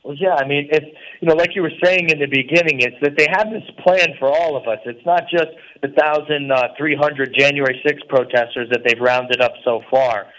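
A man's voice: fairly high pitch, moderate pace, fairly bright tone, rough recording. A man speaking as a radio guest from a prison cell, earnest and preachy, with many fillers. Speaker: guest calling in. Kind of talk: interview on talk radio.

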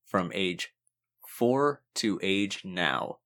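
A man co-hosting a podcast in casual banter, joking, swearing and boasting with deadpan mock seriousness. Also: low-pitched, fairly quick. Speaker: podcast co-host.

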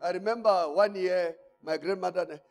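A man preaching a sermon, swinging from quiet asides to shouted exhortation. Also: sits high, moderate pace. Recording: long church-hall reverb.

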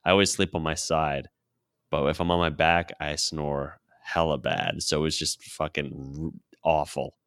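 Guy with a really low smooth voice telling a story, laughs a lot, swears, mutters his own lines. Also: fairly even intonation, moderate pace, a bit bright, no room sound, studio quality. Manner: laughs often, swears freely, quotes himself in a low muttered voice. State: sore throat. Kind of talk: casual storytelling.

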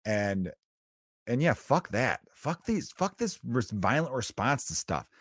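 A man's voice: medium pitch, very animated, slow, dry recording, clean studio sound. A young man hosting a solo podcast, talking casually and bluntly, with plenty of swearing as he tells a story. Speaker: podcast host.

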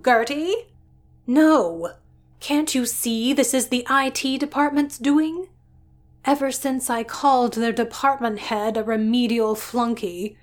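A woman's voice: sits high, pitched above the performer's own voice. Prim, irritable storybook scientist, a woman narrator putting her on. Clipped, indignant delivery, slightly raised.

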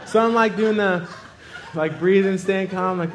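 A man's voice: high-pitched, a little slow, reverberant, slight background noise. A young man preaching, telling a funny personal story with lots of laughter before turning it to a lesson. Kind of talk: sermon with comic personal story.

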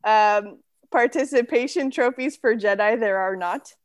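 A woman's voice: on the high side, a little slow. A woman co-hosting a podcast in casual chat, teasing and laughing often. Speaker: podcast co-host.

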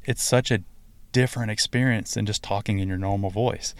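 Low-voiced man hosting a halting podcast. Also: fairly even intonation, no room sound. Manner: halting, many fillers and restarts. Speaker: podcast host. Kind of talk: casual spiritual podcast talk.

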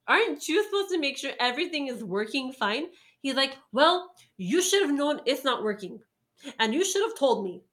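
A woman appearing as a storyteller guest tells a long story in casual chat. Her fairly bright voice sits a little high with big pitch swings, and she rambles, filling every pause with fillers and breaking into laughs along the way.

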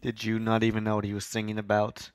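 Chatty low-voiced Canadian man. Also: completely flat delivery, fast talker, clear, resonant tone, dry recording. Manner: chatty, rambling, self-mocking. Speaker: podcast host. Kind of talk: casual podcast talk about music.

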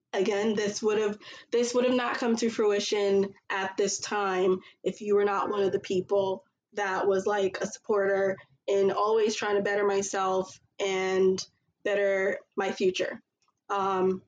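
A woman's voice: medium pitch, dull audio, a little hiss or hum. A woman hosting a podcast, talking earnestly in casual chat with many fillers. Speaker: podcast host.

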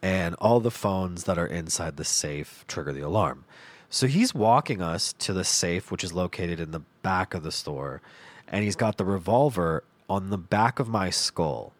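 A man hosting a podcast, telling a comedic story in a profane, animated way and laughing along. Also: low-pitched, moderate pace, dry recording. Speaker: podcast host.

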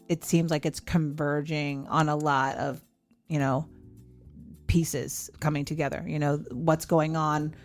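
A woman in her forties hosting a podcast, candidly telling a personal story and acting out remembered dialogue. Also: deep voice. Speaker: podcast host.

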